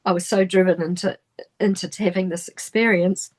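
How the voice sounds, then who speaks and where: Halting New Zealand woman telling a story. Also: lowish voice, fairly even intonation. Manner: halting, full of restarts and trailing phrases. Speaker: guest. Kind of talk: personal storytelling in an interview.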